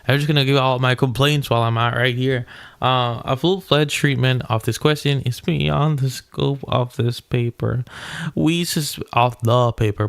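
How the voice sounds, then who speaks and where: Young man, mid-range voice, smooth and clean, dry close sound, casual late-night read-aloud with chatty asides. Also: mid-range voice, dry recording. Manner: rambling, restarts often, slangy asides. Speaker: solo reader commenting on a philosophy paper.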